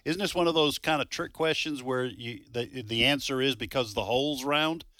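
Bright-voiced jokey radio co-host man. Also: mid-range voice, dry recording, studio quality. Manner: jokey, reads trivia questions slowly. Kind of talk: casual radio chat.

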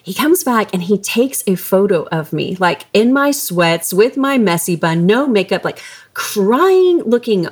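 A woman's voice: medium pitch, lively intonation, moderate pace, few pauses, breathy edge. A woman hosting a faith-based parenting interview, telling personal stories in an earnest, emotional way. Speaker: podcast host.

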